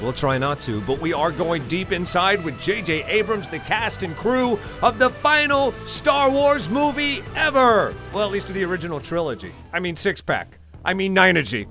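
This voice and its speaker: An excitable man hosts an entertainment interview show, joking and rambling as he goes. His voice sits fairly high, with a little music playing faintly underneath. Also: normal speed. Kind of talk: enthusiastic interview show hosting.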